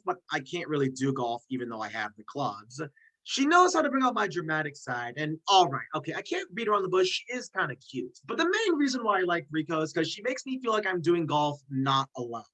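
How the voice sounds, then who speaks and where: A host in casual chat who runs through a ranked list of fictional characters, rambling into tangents and quick self-mocking asides. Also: medium pitch, bright, forceful tone, low-quality recording.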